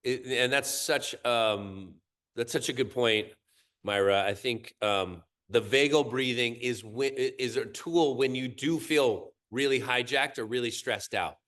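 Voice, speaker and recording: A middle-aged qigong teacher with a medium-pitched voice leads a workshop through a slow breathing exercise. He explains it and counts it out calmly and steadily.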